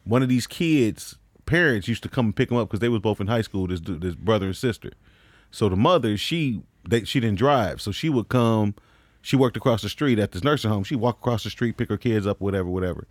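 A man's voice: on the low side, lively intonation, brisk, no room sound. Guy rambling thru a crude story on a podcast, laughing a lot, super dry mic. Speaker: comedian.

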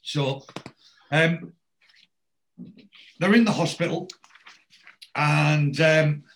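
A man's voice: on the high side, very slow, low-quality recording. A man casually retelling a TV episode, rambling with many ums and acting out the characters' lines.

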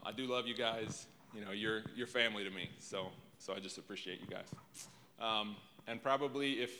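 Emotional preacher in echoing church. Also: male voice, lowish voice, slight background noise. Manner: emotional, rambling, self-deprecating, warm to crowd. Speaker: guest preacher. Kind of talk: sermon opening. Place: church sanctuary before a congregation. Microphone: handheld microphone. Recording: reverberant church hall.

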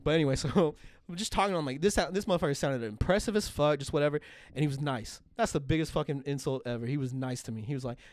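Telling a story during a loose podcast chat, this co-host swears freely, stays animated and laughs often. His voice leans high and fast, with no echo.

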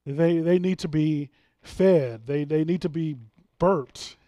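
Fairly high-voiced man preaching earnestly. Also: takes it slowly, dark tone, dry recording. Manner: earnest, emphatic preaching with frequent restarts. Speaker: pastor. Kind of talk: sermon.

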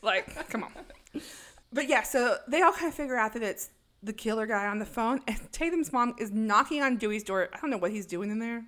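A woman's voice: a little high, expressive, fairly quick, a bit bright. Sarcastic woman recapping a movie. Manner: chatty, sarcastic retelling with put-on voices. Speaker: podcast co-host. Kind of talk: casual chat recapping a movie.

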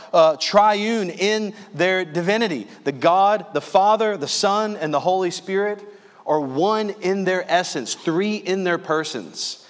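A male pastor from Louisiana delivers an earnest sermon in a fairly high voice. He leans on key phrases, slowing down to stress them. His words ring out with a long reverb, as in a church hall. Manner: earnest, calls listeners "friends", slows on key phrases.

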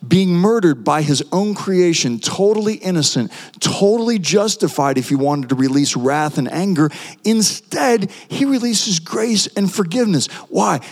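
Impassioned male preacher in a reverberant hall. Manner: impassioned, with sweeping pitch swings. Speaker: guest preacher. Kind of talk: sermon.

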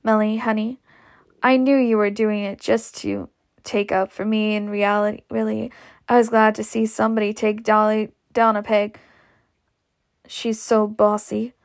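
Gossipy older aunt, fond, slow and gravelly as a woman reads her, storybook. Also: medium pitch, little pitch movement, lightly acted.

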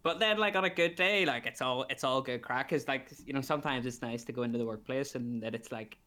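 A young man, a barman chatting as a podcast guest, blunt and quick to laugh. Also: mid-range voice, pushed and bright. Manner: laughing, blunt, acts out customers' voices. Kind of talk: casual chat.

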